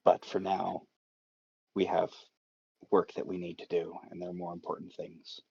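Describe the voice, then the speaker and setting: A man voicing a steady, protective male companion in a tabletop game, speaking very quietly. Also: deep voice, normal speed, gravelly, a little hiss or hum. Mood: gentle, quiet. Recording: dull lo-fi audio.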